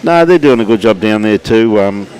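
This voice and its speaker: Australian male commentator, low voice, relaxed matey patter, outdoor livestream. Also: normal speed, low-quality recording. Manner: chatty, matey, greets viewers by name. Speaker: lawn bowls commentator. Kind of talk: live sports commentary. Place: outdoors at a bowls club.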